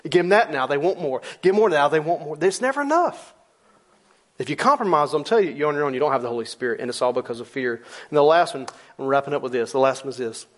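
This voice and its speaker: A middle-aged male pastor preaching a sermon in a church, emphatic and conversational, repeating lines and slowing down low on key words. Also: animated. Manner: rises loud for emphasis, drops low and slow on key words.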